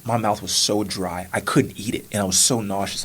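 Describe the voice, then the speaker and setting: A man hosting a podcast, telling a personal story in casual conversation and acting out his own past words, sometimes whispering, sometimes rising high. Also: normal speed, hardly any pauses, a bit bright, husky. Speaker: podcast host.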